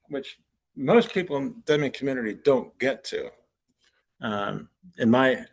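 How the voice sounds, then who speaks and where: A man's voice: medium pitch, gravelly, breathy edge. A man presenting at a forum, telling anecdotes in a loose conversational way, chuckling at his own punchlines. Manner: conversational with restarts. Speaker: conference presenter. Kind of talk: anecdotal lecture.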